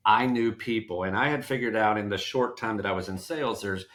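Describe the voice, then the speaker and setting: Middle-aged man, fairly low voice, folksy interview guest who keeps restarting phrases. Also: fairly quick. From Georgia, USA. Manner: folksy, animated storyteller who acts out quotes and restarts phrases. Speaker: podcast guest, sales trainer. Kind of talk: casual storytelling interview.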